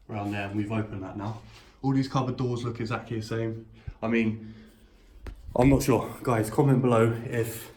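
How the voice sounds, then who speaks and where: A young man hosting a ghost-hunting vlog, calling out and taunting a spirit in a coarse, swearing manner inside an empty house. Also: fairly low pitch. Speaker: paranormal investigator host. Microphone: camera mic. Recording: echoey rooms, distant mic, faint background noise.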